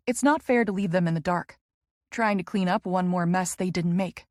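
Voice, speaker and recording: A woman's voice: on the low side, steady tone, moderate pace, darkish tone, no echo. A woman narrating a first-person romance audiobook in an intimate, emotional storytelling manner on a close studio mic.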